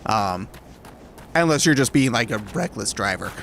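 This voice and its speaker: A man's voice: mid-range voice, expressive, normal speed, creaky, a bit bright, slight background noise. A man from Alabama chatting casually with his stream viewers, rambling and correcting himself as he goes. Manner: rambling and self-correcting, light chuckles.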